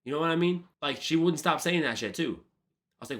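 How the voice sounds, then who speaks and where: A man's voice: on the high side, fairly quick, noisy background. Fired-up, profane young man telling a story. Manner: animated and profane, slangy, keeps saying bro. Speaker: streamer. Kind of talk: casual storytime.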